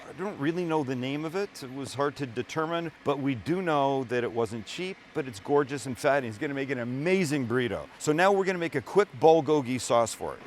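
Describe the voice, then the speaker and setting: A man's voice: medium pitch, a little hiss or hum. A middle-aged man hosting a casual cooking vlog from a hotel room, chatty and joking as he chops. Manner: joking, chatty, talks while cutting. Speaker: cooking show host.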